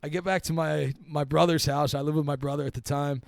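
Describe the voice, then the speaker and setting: A man's voice: a little high, steady tone, fairly quick, vocal fry, no room sound, clean studio sound. A young man, a comedian and podcast guest, telling a long story in a laid-back, profane way. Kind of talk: casual storytelling.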